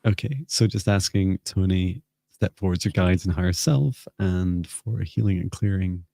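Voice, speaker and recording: Soft-spoken guy with a low gravelly voice, slow healer talk, lots of pauses. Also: no room sound, studio quality. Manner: soft, hesitant, with many pauses and restarts. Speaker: psychic healer hosting a live reading. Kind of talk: slow, gentle guided healing talk.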